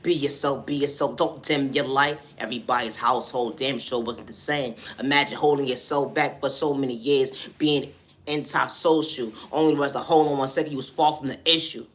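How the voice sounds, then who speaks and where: Man with mid pitch, rambling spoken-word refrains. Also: steady tone, normal speed, a bit bright. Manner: repetitive refrains, "at the end of the day", "I say that respectfully". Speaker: vlogger.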